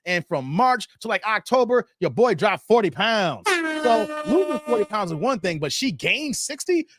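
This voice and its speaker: A man's voice: high-pitched, normal speed, background noise. A man hosting a livestream from his basement studio, reading viewer comments aloud and joking back at them with frequent laughter. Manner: animated, joking, laughs often, talks back to chat. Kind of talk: casual livestream chat.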